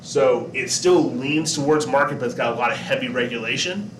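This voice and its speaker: Man, teacher, chatty lesson, bright tone, echoey room. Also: medium pitch, a little fast, slight background noise. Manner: chatty, asks students questions, jokes. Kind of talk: classroom lesson to students. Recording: echoey room, distant mic, faint background.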